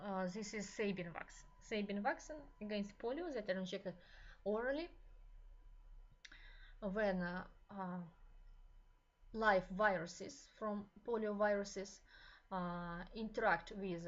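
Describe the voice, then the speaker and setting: A woman with a Russian accent teaches a university class in a mid-range voice. She talks slowly and haltingly, with many fillers, and often repeats a phrase before she goes on. The sound is muffled and lo-fi, like a lecture streamed from a classroom. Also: mid-range voice.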